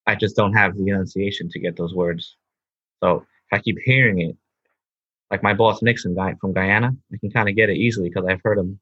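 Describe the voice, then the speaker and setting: A man's voice: fairly low pitch, fairly bright tone, slightly rough, no room sound, muffled recording. A man co-hosting a casual chat in an enthusiastic, easygoing way. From United States. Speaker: podcast co-host. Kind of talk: casual chat, then reading a script.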